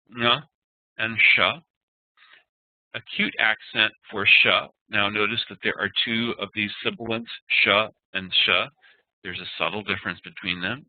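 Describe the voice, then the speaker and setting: An Ayurveda instructor teaches an online class, patiently explaining and spelling out sounds one at a time. His low-side voice comes through a computer mic on a web meeting, with dry, tinny audio and no echo.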